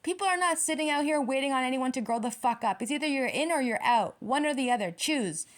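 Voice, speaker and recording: Woman, tarot reader, higher voice, blunt, swears a lot, talks straight to her audience. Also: animated, fast. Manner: addresses viewers directly. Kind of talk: tarot reading to camera.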